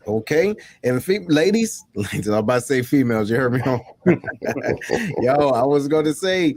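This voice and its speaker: Lively man hosting a panel show. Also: medium pitch, a little slow, no room sound. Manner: energetic, laughing, call-and-response. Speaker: host. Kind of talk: casual panel talk show.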